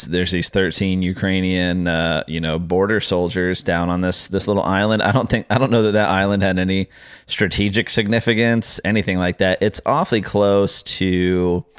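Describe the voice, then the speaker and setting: A man co-hosting a podcast chats casually, rambling with frequent fillers and restarts. His voice is deep, clear and resonant, captured in studio quality with no room sound.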